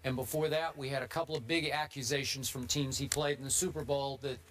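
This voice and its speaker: A man hosting a sports debate show, building his argument point by point in a lively, pressing way. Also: mid-range voice, a little fast.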